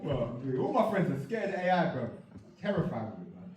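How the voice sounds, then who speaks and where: Crude, lively comedian on stage. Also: male voice, a little high, a little fast, distant mic, noisy background. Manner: crude, rowdy, laughs through his lines. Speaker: stand-up comedian. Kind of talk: stand-up comedy set. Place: comedy club with live audience. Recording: echoey room, from afar, loud crowd.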